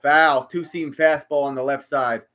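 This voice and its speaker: A man's voice: fairly high pitch, fairly even intonation, measured pace, fairly bright tone. A man calling a baseball game as a fan, talking to the players and bursting out on big plays. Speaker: fan doing his own play-by-play. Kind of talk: amateur live play-by-play commentary.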